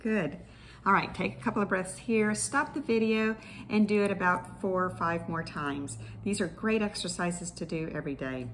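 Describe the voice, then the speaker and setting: Woman therapist, low voice, patient clinical explainer, faint hiss behind, instructional class tone. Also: normal speed. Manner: patient, explanatory, clinical terms with small restarts. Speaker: speech-language pathologist teaching an exercise class.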